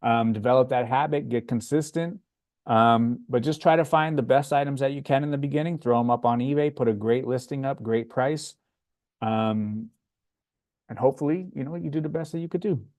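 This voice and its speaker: A man with a Floridian accent, hosting a livestream and answering chat questions in a relaxed, chatty way with frequent filler sounds. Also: mid-range voice, normal speed. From Florida, USA. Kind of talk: casual livestream Q&A.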